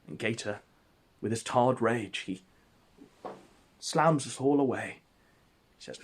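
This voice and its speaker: Husky man telling a mock-epic tale. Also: medium pitch, normal speed, long pauses. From England. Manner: mock-epic, deadpan storytelling. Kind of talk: comic storytelling narration.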